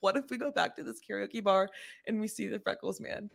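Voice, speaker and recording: A woman's voice: medium pitch, brisk, gravelly. A woman in her twenties co-hosting a podcast, chatty and jokey. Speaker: podcast co-host. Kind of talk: casual chat.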